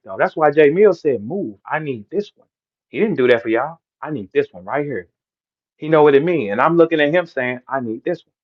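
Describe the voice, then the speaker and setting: A middle-aged battle rapper from St. Louis in the Midwest rants and lectures his listeners during a heated livestream, preachy and profane. His high voice pours out in a fiery, sermon-like flow, and the audio is dull and lo-fi, like a muffled stream.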